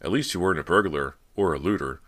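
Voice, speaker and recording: Gruff middle-aged guard, suspicious then starstruck, deep-voiced narrator doing him. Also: male voice, fast talker, fairly bright tone.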